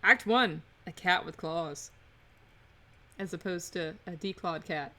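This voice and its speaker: A woman's voice: lowish voice, slow pace, sharp tone. A woman hosting a live game stream, chatting casually, joking and correcting herself as she rambles.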